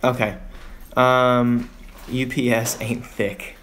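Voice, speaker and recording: A man's voice: mid-range voice, flat delivery, slow pace, fairly bright tone, a little hiss or hum. Frustrated young man venting on a livestream. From Texas. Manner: frustrated, rambling, sighing. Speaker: vlogger on a livestream.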